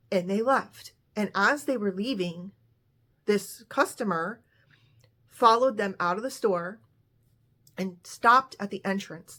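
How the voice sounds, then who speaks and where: A woman's voice: medium pitch, a bit bright. A woman telling a true story in a casual narrating voice, now and then briefly voicing the people in it. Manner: retells dialogue with light voicing of characters.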